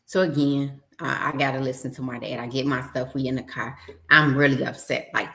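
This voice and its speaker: Low-pitched woman host, casual storyteller, brings quoted dialogue to life. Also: a little fast, roomy sound. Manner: animated storyteller, acts out dialogue. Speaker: livestream host. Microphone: home livestream setup.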